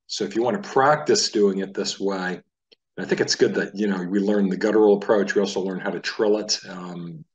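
Sounding out letters as he goes, a US man teaches Hebrew in a laid-back, conversational style. He speaks a little fast in a low voice, captured on a distant mic with muffled sound.

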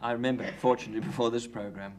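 A man's voice: medium pitch, steady tone, very fast. A middle-aged man, a talk show guest, telling anecdotes in a dry, wry manner. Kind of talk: anecdotal chat. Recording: 1980 TV studio with light hiss.

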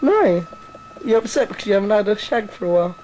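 Mellow-voiced young man teasing mates on camera. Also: high voice, sing-song, fast talker, a little hiss or hum, low-quality recording. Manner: teasing, crude, sweary narration behind the camera. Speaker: soldier filming barrack mates. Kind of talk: casual home-video banter. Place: army barracks block, indoors. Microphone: handheld camcorder mic.

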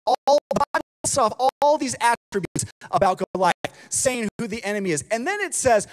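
A youth pastor preaching a sermon, telling a story in an animated, casual way with slang. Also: male voice, very high-pitched, a little fast. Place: church auditorium. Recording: long hall reverb.

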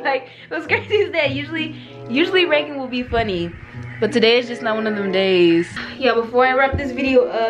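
A young woman vlogger, chatting loudly and bossily and laughing a lot. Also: a little high, dull audio. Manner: loud, bossy, quick to laugh, slangy. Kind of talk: casual chaotic vlog banter.

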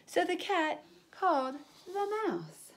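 A woman teacher reading a picture book aloud to children, animated, with character voices and sound effects. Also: very high-pitched, slow pace.

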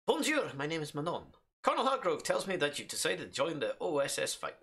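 Dude doing a french resistance lady from a war game, cheesy fake french accent, bright husky voice. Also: fairly high pitch, very animated, fast, heavily acted. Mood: mock-serious. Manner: reading game text aloud in exaggerated fake French accent. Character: female French resistance liaison in mock accent.

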